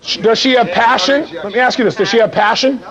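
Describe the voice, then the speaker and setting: High-voiced, animated male seminar speaker. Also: fast talker, a faint crowd. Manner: animated, acts out dialogue, fires rhetorical questions. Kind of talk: live seminar talk to an audience. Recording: dull lo-fi recording.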